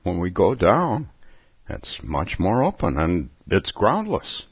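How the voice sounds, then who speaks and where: A man's voice: deep voice, huge pitch swings, slow pace, slightly rough, no echo, dull audio. A man giving a reflective Zen dharma talk, musing aloud and chuckling between thoughts. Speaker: Zen teacher.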